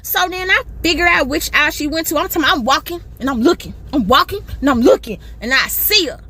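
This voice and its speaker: Animated storytelling woman in a parked car. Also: sits high, fast. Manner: animated, acts out voices. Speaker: social media storyteller. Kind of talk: storytime video.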